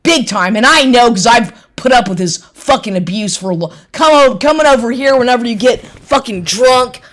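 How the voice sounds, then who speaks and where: A woman's voice: a little high, lively intonation, moderate pace. A woman in an angry personal rant, bitter and accusatory, swearing constantly. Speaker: vlogger.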